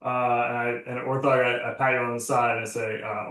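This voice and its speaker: A man's voice: mid-range voice, little pitch movement, a little fast, fairly bright tone. A man playing a tabletop game, chatting casually and acting out his character. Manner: casual, chatty with frequent fillers. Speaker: player. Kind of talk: tabletop role-play. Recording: echoey room, distant mic.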